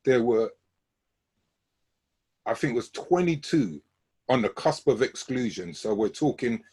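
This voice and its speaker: A man's voice: mid-range voice, expressive, unhurried, dark tone, slightly rough. A man hosting a conversational interview, telling long anecdotes and correcting himself as he goes. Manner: discursive, self-correcting anecdotes. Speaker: host.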